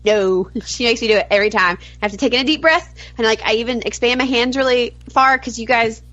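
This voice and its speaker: A woman co-hosting a podcast, bubbly and giggly, gushing with animated energy. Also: on the high side, fast talker. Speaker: podcast co-host. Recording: dull lo-fi audio.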